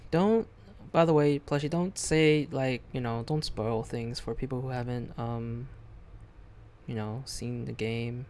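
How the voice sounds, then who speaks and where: A game streamer chats casually between lines of dialogue, rambling and second-guessing how words are pronounced. The talk is slow and unhurried at a middle pitch, with faint ambience behind it. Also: darkish tone, slight background noise. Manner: rambling, thinks aloud, second-guesses pronunciation. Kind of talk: casual live-stream chat.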